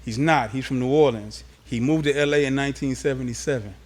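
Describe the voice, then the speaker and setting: Man from los angeles, interview guest, casual streetwise storytelling, mid-pitched voice. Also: fast talker.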